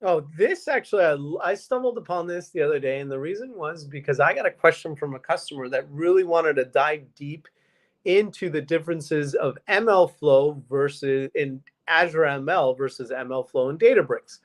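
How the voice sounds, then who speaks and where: Casting: man, somewhat high voice, eager co-host reeling off tech features. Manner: eager, rapid list-making. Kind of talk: casual tech recommendation.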